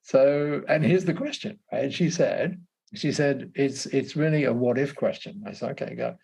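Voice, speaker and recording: A man, a podcast guest, telling stories in a halting conversational way, repeating words and laughing often. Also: mid-range voice, creaky, darkish tone, husky. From Australia. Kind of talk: casual conversational storytelling.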